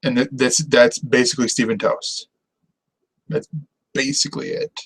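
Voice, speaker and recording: Rambling, excitable man reviewing TV. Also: medium pitch, normal speed, breathy edge, rough recording. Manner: enthusiastic, rambling, laughs often. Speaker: TV review show host. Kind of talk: casual on-camera review chat.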